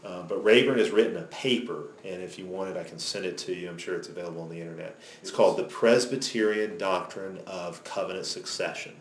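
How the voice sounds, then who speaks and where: A man's voice: deep voice, brisk, hardly any pauses, slight background noise. A man teaching a church Bible study class in a conversational lecture style, often checking in with his listeners by asking "okay?". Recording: echoey room, faint background ambience.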